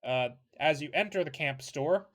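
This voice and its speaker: A man's voice: on the high side, moderate pace, a bit bright. A man narrating a tabletop game as game master, rambling and correcting himself as he goes, with casual swearing.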